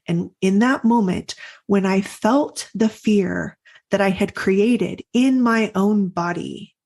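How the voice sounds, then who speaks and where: A middle-aged woman hosting a coaching podcast, telling a personal story in an earnest, reflective way with pauses and restarts. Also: medium pitch, gravelly, a little mellow. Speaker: life coach and podcast host.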